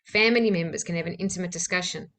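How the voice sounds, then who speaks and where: A woman, a personal-development trainer from South Africa, telling a candid personal story with soft laughs and fillers. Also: lowish voice, fast talker.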